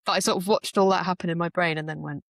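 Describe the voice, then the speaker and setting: A woman with a lowish voice shares stories in a relaxed podcast chat, reflective and laughing easily. The sound is close and dry, with no room around it. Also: fast, no room sound. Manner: reflective storytelling, laughs often. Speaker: podcast speaker. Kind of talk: casual conversation.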